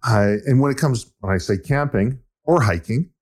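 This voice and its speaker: A man from Canada, co-hosting a podcast and explaining his views in a measured, casual way. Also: medium pitch, lively intonation. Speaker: podcast co-host. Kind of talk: casual conversation.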